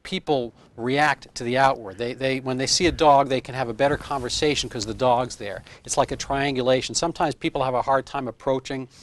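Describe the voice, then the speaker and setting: A man's voice: medium pitch, steady tone, fairly quick, few pauses. A man in his fifties, a medical doctor being interviewed in casual chat, rambling through explanations with homespun comparisons. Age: 50s.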